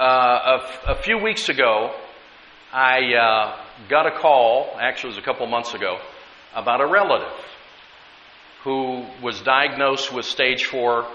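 A bright, piercing male pastor preaches with emphatic stress, dragging out key words and repeating lines. His voice rings through a roomy hall with a long reverb tail. The recording is dull and lo-fi, with a faint hiss underneath. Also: mid-range voice, a little slow. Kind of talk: sermon.

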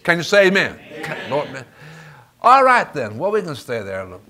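A man preaches with a drawl, his voice sitting a little high and swinging widely up and down. He works the congregation, calling out for amens as he goes. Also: fairly quick. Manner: animated call-and-response preaching, asks for amens. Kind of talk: sermon.

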